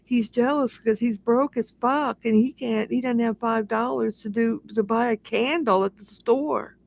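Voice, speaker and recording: A woman's voice: on the high side, steady tone, measured pace, creaky, darkish tone. A woman hosting a casual livestream, talking in an aggrieved, repetitive rant. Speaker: livestream host.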